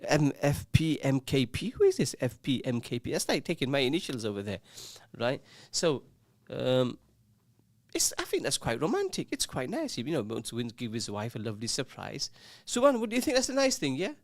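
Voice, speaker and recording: A man's voice: mid-range voice, huge pitch swings, moderate pace, no room sound. A man presenting a casual radio show, chatting, teasing his co-host and reading out listener messages. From England. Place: radio studio. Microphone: studio microphone.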